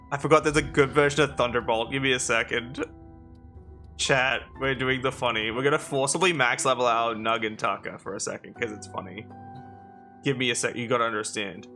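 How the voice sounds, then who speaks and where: A man's voice: mid-range voice, steady tone, a little fast, bright, forceful tone, faint music behind. A young man from Canada giving casual gameplay commentary as a streamer, laughing often and swearing freely.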